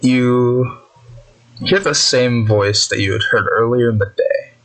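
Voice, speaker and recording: A man narrating a tabletop game as game master, building an eerie scene slowly and deliberately. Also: medium pitch, fairly bright tone, poor audio. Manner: slow, deliberate, atmospheric narration.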